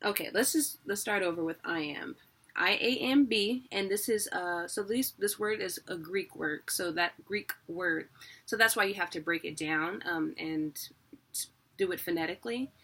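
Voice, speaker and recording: A young online teacher gives a casual, chatty video lesson on poetry rhythm in a lowish, slightly bright voice at a moderate pace. Self-deprecating, she laughs often and checks that viewers are keeping up.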